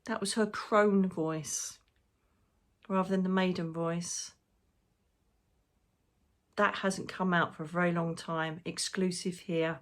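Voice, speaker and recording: Speaking as a psychic medium, a woman with a slightly low voice gives a loose, spiritual monologue. She rambles, grows emotional, and swears casually now and then. Her intonation stays fairly even, and she talks slowly with long pauses.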